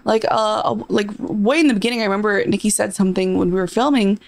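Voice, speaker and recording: A woman's voice: medium pitch, vocal fry, no echo. A woman chatting casually with friends in a teasing, easygoing way. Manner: chatty, teasing, quick to laugh. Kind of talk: casual chat.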